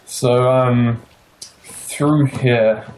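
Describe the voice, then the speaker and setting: A young man with a New Zealand accent giving a casual tour of his game build, pausing often with fillers. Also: medium pitch, steady tone, darkish tone, a little hiss or hum, poor audio. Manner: hesitant, many pauses and fillers.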